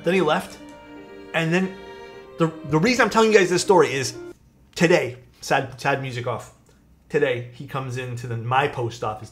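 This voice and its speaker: A young man, a streamer casually telling his chat a story and acting out the people in it. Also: mid-range voice. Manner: animated, acts out quoted people. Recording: faint music behind.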